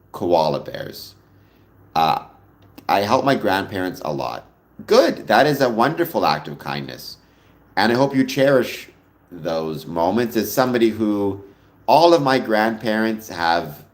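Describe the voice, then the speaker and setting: A man hosting a livestream, chatting casually and answering viewer comments in a rambling way that drifts into personal stories. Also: deep voice. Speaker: livestream host.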